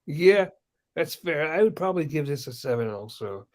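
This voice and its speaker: Playful co-host guy, kinda high voice that jumps around a lot, trips over his words. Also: moderate pace. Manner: animated, playful, stumbling restarts. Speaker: podcast co-host. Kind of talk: casual review chat.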